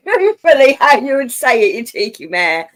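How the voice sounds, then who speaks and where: A woman with a London accent hosts a casual chat, reading out viewer comments, laughing often, and playing up her broad common accent. Her voice sits high.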